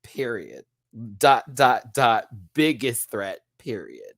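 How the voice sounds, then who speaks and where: Male host, expressive and slangy, wide swings in pitch, dry close-miked sound. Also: slow, creaky, no echo. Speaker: show host. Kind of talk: live episode review.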